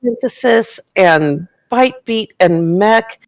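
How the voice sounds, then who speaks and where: Woman caller on a stream, talks slow, giggly, dry close sound. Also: a little high, lively intonation, no echo. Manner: giggly, chatty. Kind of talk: casual call-in chat.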